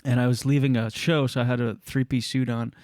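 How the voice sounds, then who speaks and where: A man's voice: mid-range voice, little pitch movement, brisk, a little mellow, no echo, clean studio sound. A man hosting a podcast, telling a rambling, jokey story in casual chat and acting out other people's voices. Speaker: podcast host.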